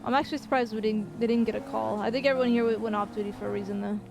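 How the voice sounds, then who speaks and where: A woman game streamer in casual chat with her viewers, loose and chatty, swearing and pausing with fillers. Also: fairly high pitch, fairly even intonation, creaky.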